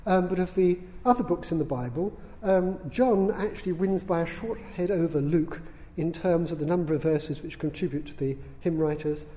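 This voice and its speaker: A man lectures to an audience in a large hall, dry and witty, pausing on the odd "um." His voice sits a little high for a man yet sounds mellow and warm. A long reverb trails each phrase. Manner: dry, witty, unhurried, with fillers. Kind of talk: public lecture.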